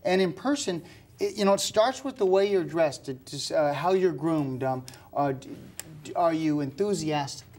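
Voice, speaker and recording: A man hosting an interview show, asking his guest questions in a halting way with fillers and restarts. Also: on the high side, expressive, a little mellow. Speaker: talk show host.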